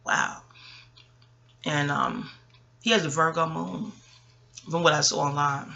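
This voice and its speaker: Woman astrologer, husky bright voice, rambling, profane, playful casual talk. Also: deep voice, wildly swooping pitch, slow, lo-fi sound. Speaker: astrology video host. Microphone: audio-only home recording.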